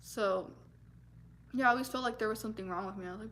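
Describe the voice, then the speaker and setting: A woman's voice: mid-range voice, fast talker, a bit bright, a little hiss or hum. A woman vlogger talking earnestly and from the heart about her feelings, with many fillers and restarts. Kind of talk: personal talk to camera.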